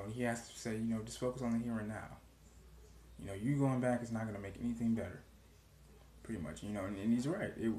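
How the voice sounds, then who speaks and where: A man's voice: fairly low pitch, a little mellow. A young man casually recapping a TV episode, loose and profane, with lots of "you know" fillers. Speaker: TV show reaction vlogger. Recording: echoey room with faint noise.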